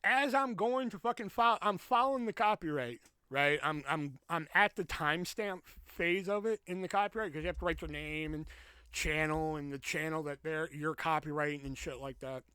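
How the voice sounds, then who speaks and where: A young man hosting a podcast, telling a story as a profane, ranting monologue and jumping up in pitch when he quotes himself. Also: normal speed, clear, resonant tone, no echo, studio quality. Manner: animated, jumps high when quoting himself. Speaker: podcast host. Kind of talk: casual monologue.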